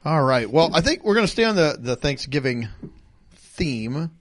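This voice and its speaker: A man hosting a casual chat, telling food stories in a chatty, animated way. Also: fairly high pitch, moderate pace, dry recording. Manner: chatty, lively storytelling with laughs. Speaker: podcast host.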